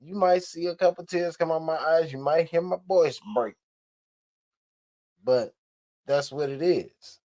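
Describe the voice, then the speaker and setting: A man's voice: on the high side, a little slow, long pauses, warm tone. Insistent man, stammering restarts. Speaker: co-host. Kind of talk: casual chat.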